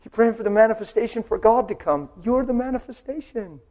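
A man preaching a sermon, asking rhetorical questions and swinging from loud, driving emphasis to hushed storytelling. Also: high voice, a little fast. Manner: asks the crowd rhetorical questions.

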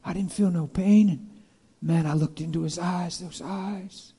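A man voicing an awestruck ancient male servant whose ear was just healed, telling it in a hushed, earnest way. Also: high voice, steady tone, unhurried, gravelly, slightly rough, full character voice. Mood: hushed awe.

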